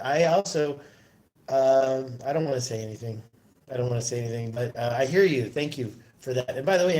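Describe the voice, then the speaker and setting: A man's voice: medium pitch, darkish tone. A man hosting a casual livestream into his phone, rambling and answering viewer comments aloud. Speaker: livestream host.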